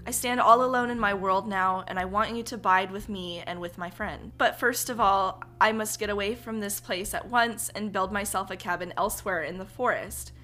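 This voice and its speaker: Lady doing a wide-eyed forest boy, eager and naive, bright voice. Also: mid-range voice, normal speed, few pauses, natural voice. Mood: earnest. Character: naive young forest lad, eager and wondering.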